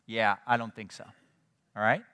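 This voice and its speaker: A man preaching a sermon in a conversational, animated way, often checking in with his listeners. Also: fairly low pitch, moderate pace, clean tone, in a large hall. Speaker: pastor.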